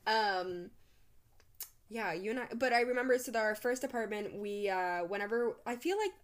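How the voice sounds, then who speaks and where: Young woman co-host, fairly high voice, rambly, swears a lot, laughs easily. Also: lively intonation, normal speed. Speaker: podcast co-host. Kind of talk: casual storytelling chat.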